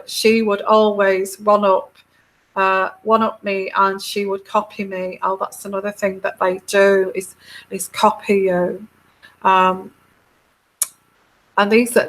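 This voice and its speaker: This is a woman tarot reader on a live stream, talking at an unhurried, drawn-out pace. She stays at a middle pitch as she wanders from point to point. She fills the gaps with ums and restarts and answers viewers' comments in an earnest tone. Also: a bit bright, low-quality recording. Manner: meandering, many fillers and restarts. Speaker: tarot reader and channel host.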